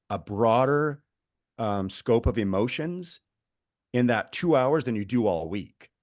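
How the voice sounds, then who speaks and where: Animated man explaining with fillers, dry mic. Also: lowish voice, dry recording. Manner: animated storyteller, many fillers and restarts. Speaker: guest author and coach. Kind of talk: podcast conversation, explaining.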